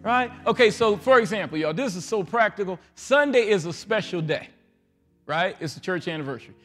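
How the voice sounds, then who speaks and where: A man preaching a folksy, joking sermon as pastor, acting out voices and rising into loud prayer. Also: high-pitched, animated, fairly quick, soft background music. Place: large church sanctuary.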